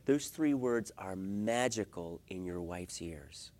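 A middle-aged man preaching a sermon as a pastor, swinging from hushed asides to loud emphatic points and asking rhetorical questions. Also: sits low, unhurried, hardly any pauses.

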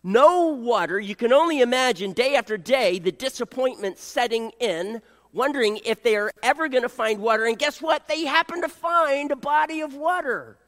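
A man preaching a sermon, animated and joking, acting out voices and coughing now and then. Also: very high voice, normal speed, big-room sound. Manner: animated, acts out voices, jokes with the congregation. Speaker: pastor.

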